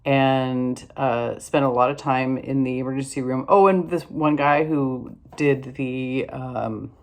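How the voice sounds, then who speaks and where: A woman's voice: rumbling low, steady tone, slow, darkish tone. A tired older woman telling a rambling, wry story in a casual vlog, with lots of fillers and restarts. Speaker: vlogger.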